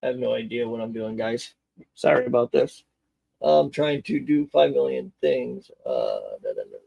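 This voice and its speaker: A man's voice: mid-range voice, big pitch swings, normal speed, vocal fry, warm tone, muffled recording. A man chatting casually on a live stream while he repairs a model car, rambling, joking and muttering to himself as he works.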